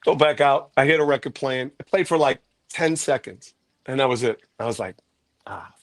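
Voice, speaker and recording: A man's voice: medium pitch, normal speed, no room sound. A man telling a long story in casual talk, profane and dramatic, acting out the people he quotes. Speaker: guest storyteller.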